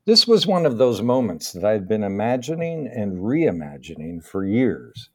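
A middle-aged man from the northeastern US, reading a personal story aloud in a measured, unhurried way with small pauses. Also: on the low side, big pitch swings.

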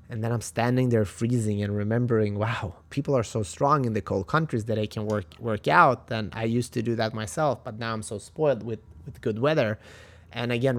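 Gravelly Swedish-accented podcast host. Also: male voice, medium pitch. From Sweden. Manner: chatty, motivational, with frequent restarts. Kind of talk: casual storytelling monologue.

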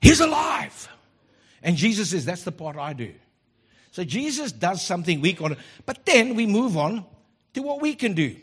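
A middle-aged man preaching a sermon as pastor, animated and joking in asides. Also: high-pitched, normal speed, slightly rough, shouting.

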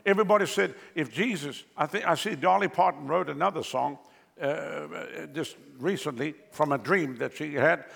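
A fairly high, sharp male voice with a gravelly rasp carries a sermon through a large church hall. The long reverb hangs after each phrase, and the pitch leaps about as he drives his points home. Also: moderate pace. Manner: animated, sweeping pitch jumps with a chuckling aside. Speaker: pastor. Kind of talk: preaching a sermon.

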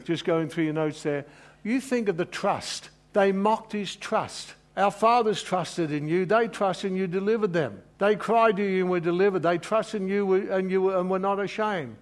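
A man's voice: high voice, normal speed. A man preaching a sermon in an earnest, emotional way, rambling and restarting as he goes. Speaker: pastor.

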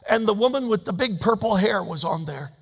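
High-pitched preacher guy, folksy and jokey, gets loud then drops quiet, church echo hanging on every word. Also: expressive, fairly quick, gravelly, breathy edge. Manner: folksy, humorous storytelling preaching; emphatic, swings between loud and hushed. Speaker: pastor. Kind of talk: sermon.

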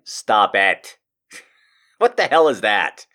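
Guy streaming to chat, voice jumps all over, soft and sincere then loud and jokey. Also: fairly high pitch, big pitch swings, takes it slowly, long pauses. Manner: swings between soft earnest pep talk and loud joking rants. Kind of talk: casual live-stream chat and reading aloud.

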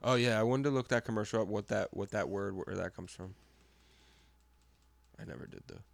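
Young male co-host, rapid and hyped, a bit of vocal fry, dry close sound. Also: fairly low pitch, no echo. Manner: excitable, slangy, says "dude" a lot. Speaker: podcast co-host. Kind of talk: casual chat, watching an episode together.

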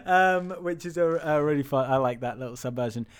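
A man's voice: medium pitch, quick pace, darkish tone, clean tone. A young man co-hosting a casual film chat, rambling with lots of restarts and frequent laughter. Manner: rambling, laughs often, many restarts and fillers. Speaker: podcast co-host.

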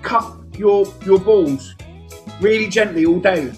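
Male co-host, high voice, rambly and easily amused, soft music behind. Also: slow. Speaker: podcast co-host. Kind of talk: casual chat.

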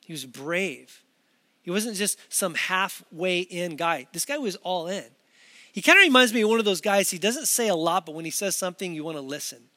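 A man preaching a sermon in a high, light voice. He talks casually and directly to his listeners. Now and then he acts out quoted voices with added punch. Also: animated, normal speed, pushed and bright, big-room sound. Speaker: pastor.

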